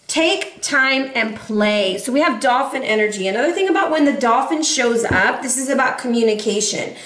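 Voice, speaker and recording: A woman giving a casual tarot reading, sassy and animated, talking straight to her viewers. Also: a little high, normal speed, echoey room. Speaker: tarot reader.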